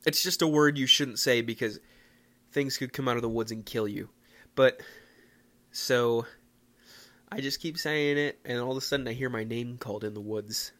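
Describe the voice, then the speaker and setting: A young man from the Philadelphia area hosting a casual solo podcast, rambling and self-mocking with excitable bursts. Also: medium pitch, moderate pace, long pauses. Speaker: podcast host.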